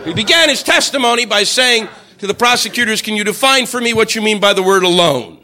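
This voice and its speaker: A male stand-up comedian ranting profanely through a routine and shouting out mocking quotes. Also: high voice, expressive, fairly quick, a little hiss or hum.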